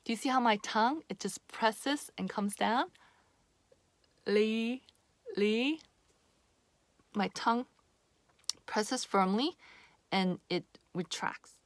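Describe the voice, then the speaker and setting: A woman teaching pronunciation in a slow, unhurried way, repeating each sound patiently for the viewer. Her voice sits at a middle pitch and the sound is dry and close, with no room echo. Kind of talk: casual on-camera pronunciation lesson.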